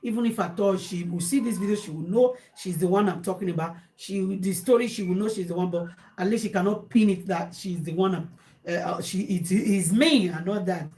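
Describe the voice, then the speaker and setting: Animated Nigerian woman telling a story. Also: lowish voice, a little fast. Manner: animated, exasperated, repeats herself. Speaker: vlogger giving advice. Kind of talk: casual storytelling to viewers.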